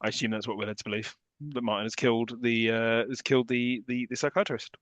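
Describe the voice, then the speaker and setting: A man co-hosts a casual podcast about a film, dropping dry, wry remarks. His voice sits at a mid pitch. The recording is dry and close. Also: level tone, fast talker, fairly bright tone, dry recording. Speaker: podcast co-host.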